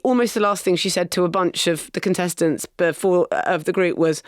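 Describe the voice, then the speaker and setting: A woman co-hosting a podcast, chatting in an animated, emphatic and opinionated way. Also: mid-range voice, brisk, hardly any pauses, dry recording, studio quality. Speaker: podcast co-host. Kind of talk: casual chat.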